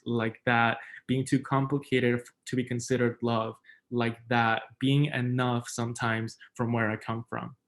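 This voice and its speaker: A young American poet performs his spoken word poems in a mid-range voice that stays even and level, barely rising or falling. Between pieces he slips into quiet, halting asides full of filler words before starting the next reading. The recording quality is low.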